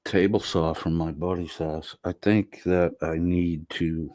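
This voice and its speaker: Low-voiced man streaming live. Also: steady tone, measured pace, a little mellow, no echo. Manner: rambling, profane, talks back to chat. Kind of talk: casual live-stream chat, reading comments aloud. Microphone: laptop microphone.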